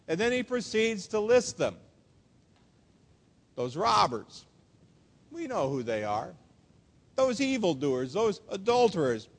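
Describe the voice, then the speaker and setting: A man preaching a sermon in an earnest, emphatic way, slowing down to stress quoted words. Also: sits high. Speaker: pastor. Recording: long hall reverb.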